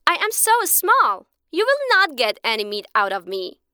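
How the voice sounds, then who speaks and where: A woman's voice: high-pitched, normal speed, no room sound, studio quality, pitched above the performer's own voice, full character voice. A woman voicing a small wise talking bird. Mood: earnest. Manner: lively, patient, lecturing.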